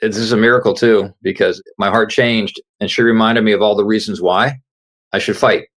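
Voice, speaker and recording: A middle-aged author guesting on an interview show speaks briskly in a lowish, fairly bright voice with fairly even intonation. He earnestly relates a personal story, dramatizing the quoted dialogue of the people in it.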